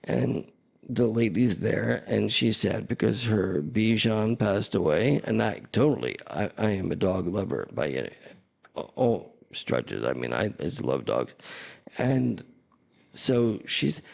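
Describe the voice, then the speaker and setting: A man's voice: on the low side, expressive, slow, creaky, darkish tone. A man hosting a casual chat, talking in a blunt, sarcastic, rambling way. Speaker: host.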